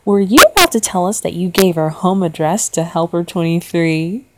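A woman voicing an eerie mother who scolds in an unnatural falsetto. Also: moderate pace, heavy background noise, close to an everyday voice. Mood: eerie scolding. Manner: scolding, sing-song menace.

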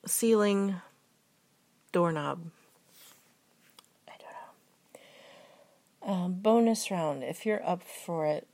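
A young woman with a Midwestern US accent, talking in a hushed, often half-whispered way with many hesitations, reading aloud and working through a word list. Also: fairly low pitch, vocal fry. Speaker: video host. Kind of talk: soft-spoken accent tag and book reading.

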